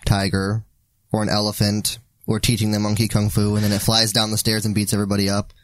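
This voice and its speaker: A man co-hosting a casual movie podcast, cracking quick jokes and doing silly impressions. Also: lowish voice, monotone, no room sound. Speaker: podcast co-host. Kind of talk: casual movie-review chat.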